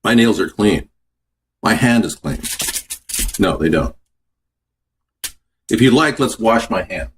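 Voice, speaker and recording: A man with a lowish voice hosts a casual cooking stream from his home kitchen. His pitch swings widely as he chats, and he answers viewer comments along the way. A faint hiss sits under the sound. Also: expressive, slow pace, long pauses. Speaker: cooking show host.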